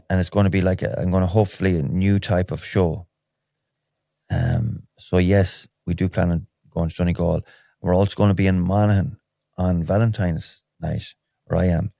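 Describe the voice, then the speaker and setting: Deep-voiced Irish man rambling candidly. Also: creaky, a little mellow, no echo, studio quality. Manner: rambling, candid and wry, many restarts. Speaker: podcast host. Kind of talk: solo podcast, casual chat.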